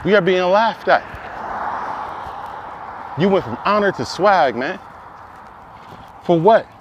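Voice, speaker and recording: This commentator's voice sits high with lively intonation, and he takes his time despite the lo-fi sound and noisy background. His impassioned monologue preaches through repeated rhetorical questions that rise to forceful climaxes.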